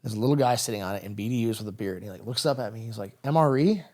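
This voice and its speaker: A man in his thirties, a veteran guest on a podcast, telling stories casually and acting out the dialogue. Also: fairly low pitch. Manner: rapid, animated anecdotes with quoted dialogue. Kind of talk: casual storytelling interview.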